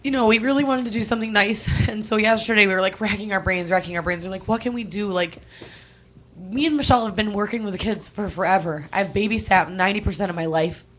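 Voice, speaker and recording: A young woman, chatting on a call-in show, animated and quick to laugh, emotional and close to tears at times. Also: mid-range voice. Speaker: co-host. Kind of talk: casual radio chat.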